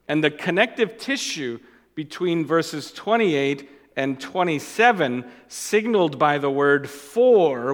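Man, pastor preaching, emphatic, slow and deliberate, slightly high voice, echoing church hall. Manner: emphatic preaching, repeats key phrases, swings from loud to quiet. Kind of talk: sermon.

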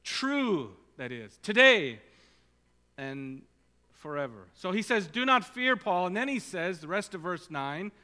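A man's voice: high-pitched, very animated, takes it slowly, pushed and bright. A man preaching a sermon as pastor, urging his listeners on with earnest, repeated exhortations. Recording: long hall reverb.

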